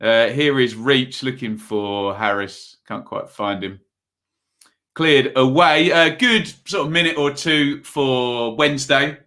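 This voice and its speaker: A man runs a live football watch-along stream, calling the action in a loose, chatty way. His bright voice has an edge of force as he rambles between the play and viewers' messages. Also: medium pitch, slow pace. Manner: casual play-by-play mixed with reading viewer messages; rambling and chatty, with frequent fillers.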